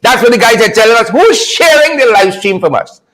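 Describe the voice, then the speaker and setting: Man, very high voice, lively swooping pitch, mocking, repeats himself, livestream commentary. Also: brisk, low-quality recording. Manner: mocking, repetitive, animated. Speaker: livestream host.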